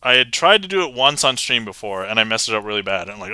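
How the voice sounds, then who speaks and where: A man hosts a live magic stream from a desk mic, chatting upbeat with viewers and thanking them one by one. His voice is strikingly bright and smooth, and the sound is dry with no room echo. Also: medium pitch, quick pace. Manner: chatty and upbeat, reading chat aloud with thanks. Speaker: magician livestream host. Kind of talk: casual livestream chat.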